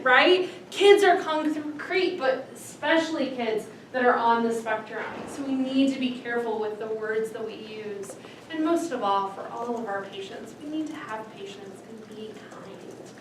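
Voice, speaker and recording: A woman with a fairly high voice tells stories to a class, acting out other people's voices as she goes. She sounds a little far from the mic, and the room adds echo and faint background hum. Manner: animated storytelling that acts out other people's voices. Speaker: speaker on autism and families. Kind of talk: storytelling lecture. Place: lecture room.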